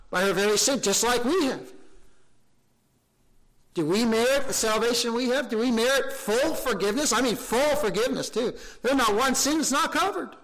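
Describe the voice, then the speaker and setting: A fervent preacher delivering a sermon to his congregation. His voice sits high for a man, and he leans on rhetorical questions and emphatic repetition. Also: fairly bright tone. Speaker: pastor.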